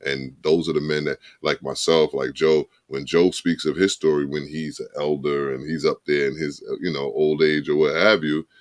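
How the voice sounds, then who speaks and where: A man's voice: very deep voice, little pitch movement, moderate pace, hardly any pauses, no echo, clean studio sound. A man co-hosting a podcast in a casual, reflective and somber way, often repeating his phrases. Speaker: podcast co-host.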